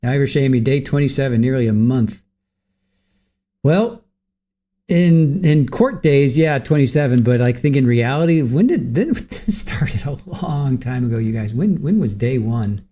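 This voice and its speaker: A man's voice: medium pitch, lively intonation, unhurried, warm tone. A man hosting a livestream, greeting viewers from the chat by name and chatting casually while waiting for court to start. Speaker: livestream host.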